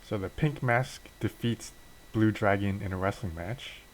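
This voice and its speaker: Casual male game narrator, very low voice, loose and offhand. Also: a little slow, slight background noise, poor audio. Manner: offhand, filler-heavy retelling. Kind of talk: casual narration of a wrestling sim storyline.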